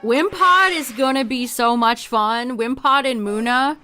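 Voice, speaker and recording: A woman streams a game and chats casually with viewers, laughing often and trailing off mid-sentence. Her fairly high, bright voice is forceful and a little slow, with faint music behind her.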